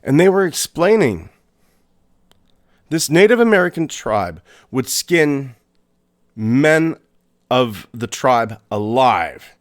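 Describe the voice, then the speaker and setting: A man hosting a podcast, narrating a scary story in a suspenseful way, with pauses and restarts. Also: medium pitch, sing-song. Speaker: podcast host.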